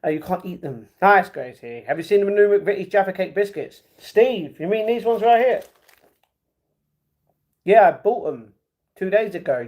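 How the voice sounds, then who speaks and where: A man's voice: sits high, darkish tone. Chatty man reading his stream chat. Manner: chatty, banters with viewers, slangy. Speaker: livestream host reading chat. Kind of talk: casual live stream chat.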